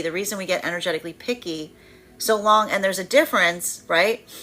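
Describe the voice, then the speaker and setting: A woman's voice: on the low side, sharp tone. A woman giving a live tarot reading who talks animatedly, full of fillers and laughs, and acts out the voices of the energies she describes. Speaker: tarot reader.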